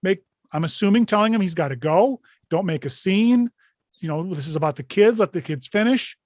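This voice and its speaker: Speaking a little fast, the meeting host has a high-pitched, expressive and slightly mellow voice with no echo, heard over a video call. In this instructional online session for basketball officials, he reviews a clip conversationally, often posing rhetorical questions.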